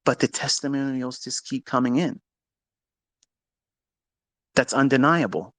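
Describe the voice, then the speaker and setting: A man's voice: mid-range voice, steady tone, a little slow, long pauses, a bit bright, no room sound. A man coaching traders in a blunt, profane motivational monologue. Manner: profane, emphatic, preachy. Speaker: trading coach.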